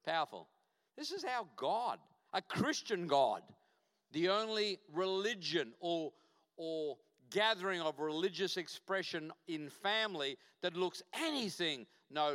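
Emphatic preacher, bright voice. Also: male voice, on the high side, expressive, measured pace. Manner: emphatic, repeats short punchy phrases. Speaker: guest pastor. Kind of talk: sermon. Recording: reverberant church hall.

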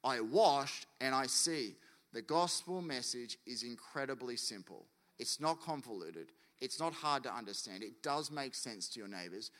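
A man preaching a sermon, animated and acting out quotes and stories. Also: mid-range voice, normal speed, hardly any pauses. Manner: animated, acts out quotes and anecdotes. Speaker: pastor. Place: church hall. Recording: long church hall reverb.

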